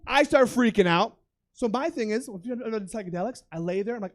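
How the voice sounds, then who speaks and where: A young man doing a stand-up comedy set on a club stage, telling a profane, animated story and bursting into shouted impressions. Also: sits high, fairly quick.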